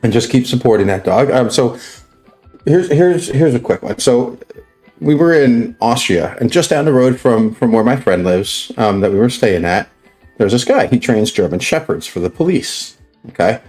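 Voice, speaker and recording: Host pria santai, suka mengumpat, bertele-tele; musik samar di belakang. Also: male voice, medium pitch, animated, normal speed, a little mellow, soft background music. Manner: profane, rambling, many restarts. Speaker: livestream host. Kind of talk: casual storytelling chat.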